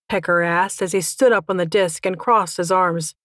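A woman's voice: on the low side, moderate pace, few pauses, no room sound. A woman narrating a first-person story with a wry, dry humor. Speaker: audiobook narrator.

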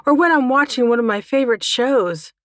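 A woman's voice: sits high, lively intonation, fairly quick, no room sound, studio quality, voice pushed up. A woman reader voicing a huge, short-tempered mother dragon who squawks and snaps. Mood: indignant. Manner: squawking, snappy, easily flustered.

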